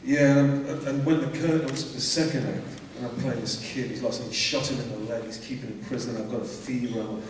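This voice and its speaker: A man's voice: mid-range voice, steady tone, fast talker. Guy on a panel telling a theatre story, lots of ums, far from the mic, echoey hall, some noise. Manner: rambling, hesitant storyteller. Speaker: panel guest actor. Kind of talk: convention panel anecdote. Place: large convention hall.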